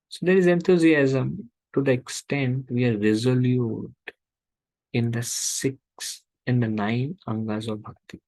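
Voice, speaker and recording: A man's voice: mid-range voice, measured pace, darkish tone, dry recording, poor audio. A man teaching a scripture class, rhetorical and acting out inner voices.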